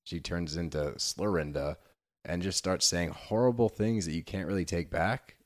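Low-voiced man in casual podcast chat. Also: moderate pace. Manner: animated, sarcastic, swears freely. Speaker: podcast co-host. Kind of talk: casual chat recapping reality TV.

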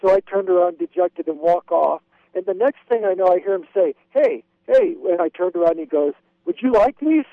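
On a tinny phone line to a radio show, a man from Wyoming, USA, eagerly narrates his travels and acts out what people said. He talks fast in a high voice, with no room sound.

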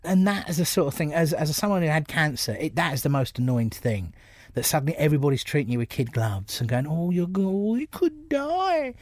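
Blunt, jokey man, fairly high voice. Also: fast, slightly rough, dry recording. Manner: jokey, blunt, acts out other people's voices. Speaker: stand-up comedian guest. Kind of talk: casual interview storytelling.

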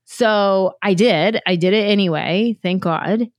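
Woman comedian, thirties, lively storytelling, from California, dry close mic. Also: mid-range voice, measured pace, dry recording. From San Jose, California. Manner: animated, quotes herself in little voices. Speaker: comedian guest. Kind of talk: casual interview storytelling.

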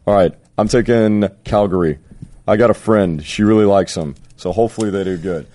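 A man's voice: lowish voice, fairly quick, mellow. A man hosting a casual sports podcast, joking and swearing freely with his co-hosts. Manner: profane, joking. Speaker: podcast host.

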